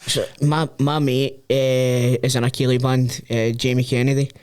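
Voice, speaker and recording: A man with a Scottish accent, co-hosting a podcast in a studio, chatty and quick to agree, with the odd swear. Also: mid-range voice, little pitch movement, a little mellow, smooth. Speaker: podcast co-host. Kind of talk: casual chat.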